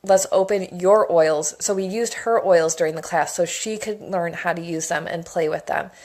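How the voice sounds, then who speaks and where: A woman's voice: fairly low pitch, normal speed, darkish tone. A woman in her thirties giving a casual, enthusiastic monologue, rambling through personal stories as an essential oils educator. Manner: chatty and enthusiastic, rambling storytelling.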